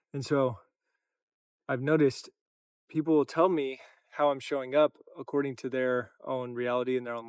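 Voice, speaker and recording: A man's voice: mid-range voice, no echo, studio quality. A young man talking to camera in a casual vlog, tired, reflective, and full of loose run-on phrases. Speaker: content creator and coach.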